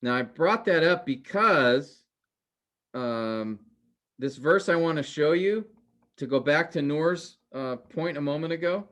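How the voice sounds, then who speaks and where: A man teaching a class in a conversational way, often pausing to quiz his students with questions. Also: a little high, expressive, a bit bright. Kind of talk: interactive class lecture.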